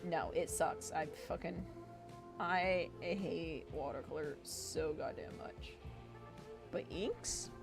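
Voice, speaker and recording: While drawing on stream, a woman speaks slowly in a low-pitched voice, ranting, swearing a lot, and performing arguments she imagines. Background music runs throughout.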